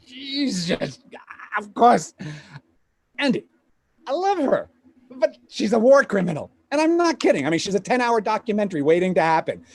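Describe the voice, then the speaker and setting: An actor playing a pushy, fast-talking male Hollywood agent in a live play reading over a video call, with rapid, stammering sales patter. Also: high-pitched, very animated, exaggerated voice. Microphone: home computer mic on a video call.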